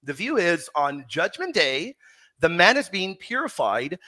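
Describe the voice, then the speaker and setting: Male livestream host, taunting, bright tense voice, animated pitch. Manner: taunting, teasing, repeats words rapidly. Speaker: debate host. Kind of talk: heated livestream debate.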